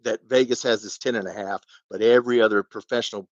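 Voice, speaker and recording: A man's voice: on the low side, fairly even intonation, quick pace, no echo. Ranting man on a dull dry mic. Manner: ranting, rambling, rhetorical questions. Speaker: fan channel host. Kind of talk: live-stream sports rant.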